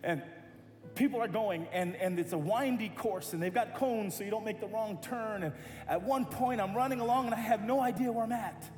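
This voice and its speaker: High-voiced man preaching in an echoey hall. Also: normal speed, a little hiss or hum. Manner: animated, acts out voices in his story. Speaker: pastor. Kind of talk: sermon storytelling.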